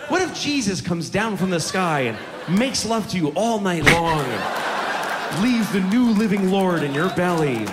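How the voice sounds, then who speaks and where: A man's voice: sits high, very animated, a little slow, crowd noise, background noise. A man doing a stand-up routine, ranting and mocking with plenty of profanity, live before an audience. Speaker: stand-up comedian. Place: comedy stage before an audience. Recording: live show hall, audience laughter.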